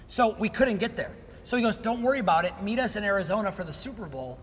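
A man's voice: high voice, lively intonation, fast, husky. A man hosting a podcast, animatedly retelling a story in casual chat and acting out the quotes. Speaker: podcast host. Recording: roomy hall with faint noise.

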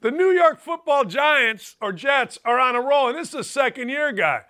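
A man in his fifties hosts a sports talk show with an animated monologue, telling stories emphatically and repeating phrases for effect. He speaks at normal speed with an extremely high pitch, an animated delivery and a sharp tone.

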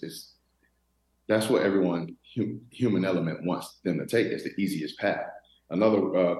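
Deep-voiced man telling stories. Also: reverberant, poor audio. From Florida. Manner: relaxed storytelling with many restarts. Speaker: guest, former football player. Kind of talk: casual interview talk.

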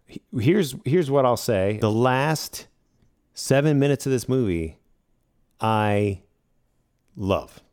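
A man's voice: medium pitch, animated, takes it slowly, long pauses, darkish tone, clear, resonant tone, no echo, clean studio sound. A man co-hosting a film podcast, talking in a rambling, jokey way and swearing now and then. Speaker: podcast co-host. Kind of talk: casual film chat.

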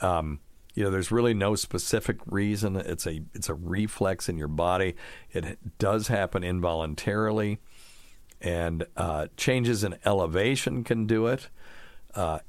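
A man's voice: fairly low pitch, no room sound. A middle-aged man hosting a call-in radio show, talking casually and bluntly, with offhand scoffing asides. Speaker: radio show host answering caller questions.

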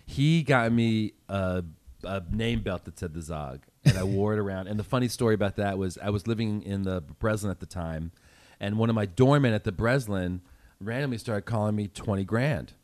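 A man guesting on a casual chat, telling a funny story in a low-key way and laughing along. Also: normal speed, darkish tone.

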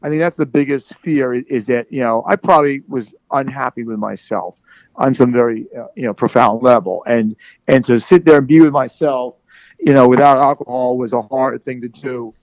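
A middle-aged man calling in as a guest, chatting casually in a halting way with lots of repeated words. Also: mid-range voice, a little mellow, no room sound, highs cut off. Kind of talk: casual chat.

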